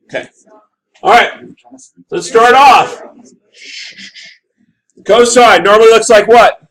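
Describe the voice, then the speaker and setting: A man teaches a math class, talking through graphs out loud and checking in with his students. His voice sits high and he takes his time, delivering an animated classroom lecture and asking the class to confirm things. The audio quality is poor.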